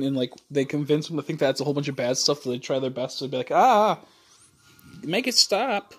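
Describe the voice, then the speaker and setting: A man's voice: medium pitch, a little mellow, breathy edge. A man livestreaming, chatting casually and rambling with many fillers and casual swearing.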